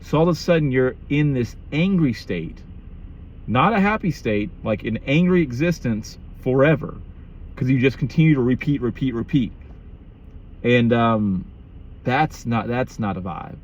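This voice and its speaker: A man's voice: mid-range voice, measured pace, muffled recording, a little hiss or hum. Blunt, profane man musing on marriage. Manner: blunt, profane, restarts often. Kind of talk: candid reflective monologue.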